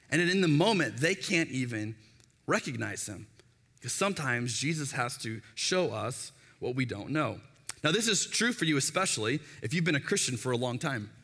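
A man in his thirties preaches a sermon, his high voice bright and forceful. He swings his pitch all over as he tells stories and acts out the voices in them. A long reverb trails each phrase in a big room. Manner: animated storytelling, acts out quoted voices. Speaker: pastor.

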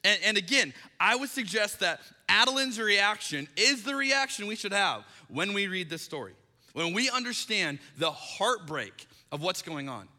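A man in his thirties, a pastor, preaching a sermon and telling a story with animated, acted-out dialogue. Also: high-pitched, moderate pace. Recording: long hall reverb.

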